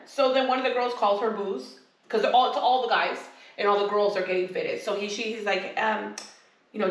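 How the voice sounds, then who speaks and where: Recorded on a distant mic in an echoey room, this podcast co-host rambles through a casual chat, acting out other people's words. She speaks at a moderate pace in a medium-pitched voice with fairly even intonation.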